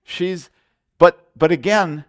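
A man's voice: sits high, takes it slowly, smooth. A middle-aged man preaching a sermon as a pastor, intense and emphatic, with frequent repetitions and restarts.

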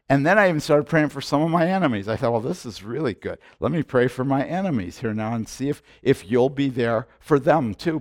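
An older man preaching a sermon in a conversational storytelling way, moving between soft asides and loud preaching. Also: medium pitch, dry recording, clean studio sound. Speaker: pastor.

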